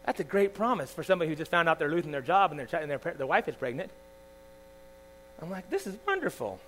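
A man preaching with a high, bright voice that moves along quickly. He tells his story in an animated, conversational way and turns often to his listeners. A faint mains hum sits under the recording. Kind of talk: sermon with personal testimony.

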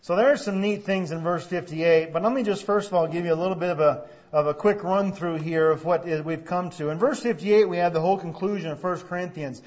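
A man preaching a sermon as pastor, shifting from soft prayer to emphatic, rising declarations. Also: sits high, brisk, few pauses. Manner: prays softly, then preaches with rising emphasis. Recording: dull lo-fi sermon recording.

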